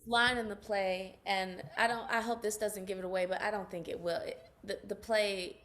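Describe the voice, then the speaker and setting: A woman's voice: medium pitch, fairly even intonation, normal speed, fairly bright tone. A young adult woman, an actress, speaking passionately and emphatically as a guest in an interview. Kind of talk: interview conversation.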